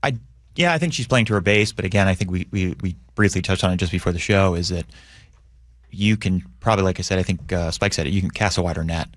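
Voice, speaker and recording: A man appearing as a police union president on a radio show, explaining his points in a measured way and often checking in with "right?". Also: sits low, dry recording, clean studio sound. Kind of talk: radio interview.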